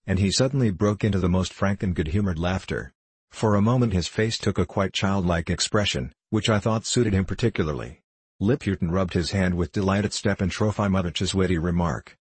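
Brief: male audiobook narrator, low husky voice, dry close sound. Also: no room sound. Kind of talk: audiobook reading of a classic novel.

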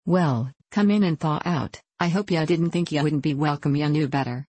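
A gruff old ranch man with a drawl, talking plain and country, as a woman reading a western storybook puts him on. The voice sits low and close, in a dry room. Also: moderate pace, warm tone, no room sound. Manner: drawling, folksy speech.

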